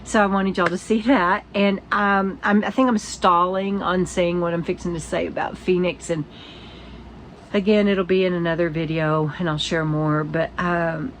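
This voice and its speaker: An older woman chatting to camera from her RV, tired, halting and rambling with restarts and soft laughs. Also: lowish voice, steady tone, slight background noise, poor audio. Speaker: vlogger. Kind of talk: casual morning chat to camera. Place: inside her RV.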